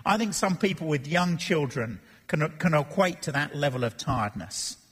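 Husky high-voiced preacher in reverberant hall. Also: male voice, moderate pace. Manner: animated, acts out Bible voices and jokes. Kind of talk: expository sermon. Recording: long reverb of a church hall.

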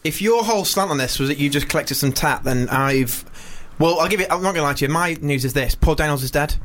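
A man co-hosting a casual comedy chat, telling stories quickly and acting out the quotes. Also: a little high. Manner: fast, animated storytelling, acts out quotes. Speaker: co-host.

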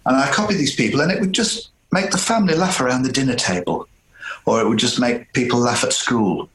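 A man's voice: mid-range voice, animated, brisk, fairly bright tone, roomy sound, a little hiss or hum, poor audio. A man in his fifties from northern England, a voice impressionist telling stories in a casual interview. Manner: chatty, anecdotal, hesitant restarts. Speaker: impressionist guest.

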